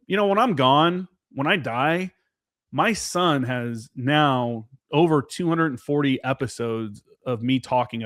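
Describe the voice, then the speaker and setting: Brief: plain-spoken veteran guest, open and sweary, medium voice, no room sound. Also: male voice, mid-range voice, dry recording, studio quality. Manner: candid, profane, peppered with "dude" and "man". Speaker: podcast guest, former Marine forward observer. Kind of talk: casual podcast chat.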